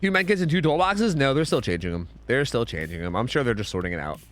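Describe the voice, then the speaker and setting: A man's voice: medium pitch, big pitch swings, fast talker, fairly bright tone. A man streaming a game, chatting casually with viewers, rambling and swearing, saying dude a lot. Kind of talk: casual chat with chat while gaming.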